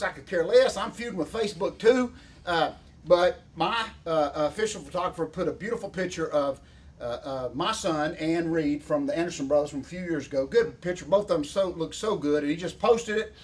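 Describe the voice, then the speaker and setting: A man, hosting a show in a folksy, excitable, rambling way. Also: fairly high pitch. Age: 50s. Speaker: show host. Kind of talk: casual banter.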